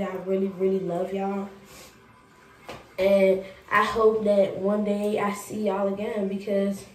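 A woman's voice: medium pitch, slight background noise, low-quality recording. A young woman in her late teens chatting casually and emotionally to her viewers in a vlog. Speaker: vlogger.

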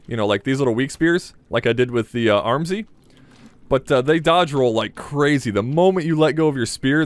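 A young man giving joking, excitable commentary while playing a survival horror game, talking to his viewers and swearing when startled. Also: mid-range voice. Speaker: gaming channel host.

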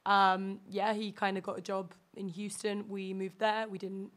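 A woman's voice: mid-range voice, flat delivery, a little slow, fairly bright tone. A woman from Norway, a podcast guest, telling stories about her childhood in a chatty way, full of fillers. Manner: chatty storytelling with frequent fillers. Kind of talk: casual chat.

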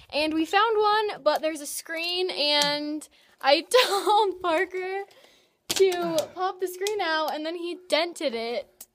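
A woman's voice: very high voice, slight background noise. A young woman chatting casually in a vlog, giggly and talkative, filmed on her phone. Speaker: vlogger. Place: outdoors and in a car. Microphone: phone camera.

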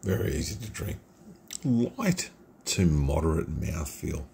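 A middle-aged man from Australia rambles through a casual beer review in his home computer room. His voice sits very low and carries a gravelly edge. He speaks slowly, and a faint hiss runs under the recording. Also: sing-song, darkish tone. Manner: rambling, chatty and informal.

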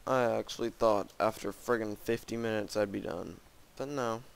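A man's voice: fairly low pitch, steady tone, normal speed, vocal fry, smooth. A man giving casual let's-play commentary on a custom game map, gasping and exclaiming often and mocking himself. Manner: frequent gasps and exclamations, self-mocking. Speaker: gamer playing a custom map.

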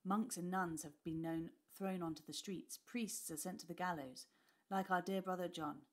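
A woman's voice: fairly low pitch, steady tone, normal speed, lightly acted. Woman voicing a frightened Tudor father. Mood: urgent hushed. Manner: urgent, hushed, trembling.

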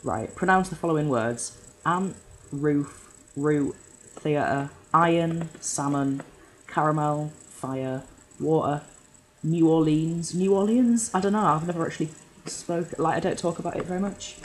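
A man's voice: fairly high pitch, unhurried, slight background noise, poor audio. A young man from Yorkshire, now living in London, rambling and swearing casually through a questionnaire video at home. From Yorkshire, England. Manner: rambling, sweary, self-deprecating. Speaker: vlogger. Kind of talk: casual solo vlog, answering a questionnaire.

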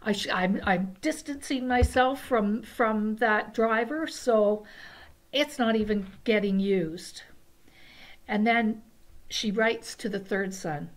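A woman casually telling a funny story and wishing everyone a happy Easter. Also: mid-range voice. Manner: warm, unhurried, wishes a happy Easter. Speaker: church member telling a story.

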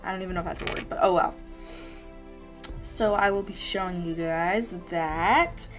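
A young woman hosting a casual unboxing vlog, gushing and excitable, gasping and saying "like" a lot. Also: lowish voice, normal speed, soft background music. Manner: gushing and excitable, with gasps and many "like"s. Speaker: channel host.

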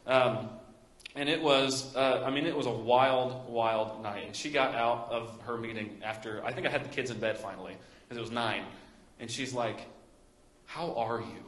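A man's voice: medium pitch, fairly even intonation, moderate pace, fairly bright tone. A young man with a Midwestern American accent preaching a sermon, telling a story with many fillers and restarts. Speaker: pastor. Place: church sanctuary. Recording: echoey church room.

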